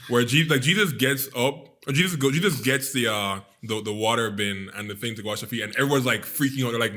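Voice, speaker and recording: A young man co-hosting a podcast in a bright, forward voice at a middle pitch. He chats casually, laughs easily and slips into playful voices for quotes. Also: fast talker, few pauses. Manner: laughing often, acts out quotes. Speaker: podcast co-host. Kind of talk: casual chat on scripture.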